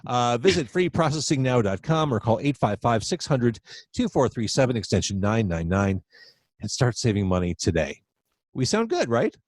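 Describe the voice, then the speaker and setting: A man's voice: medium pitch, sing-song, normal speed, no echo. A man hosting a podcast over a video call from home, chatty and self-deprecating, rambling with fillers as he talks. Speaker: podcast host. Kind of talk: casual interview chat.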